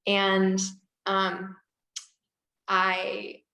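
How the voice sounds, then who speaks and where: Animated woman dentist telling a story. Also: medium pitch, drawn-out words, vocal fry, reverberant, rough recording. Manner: animated, laughing, acts out quoted people. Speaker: dentist guest. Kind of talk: storytelling in an interview.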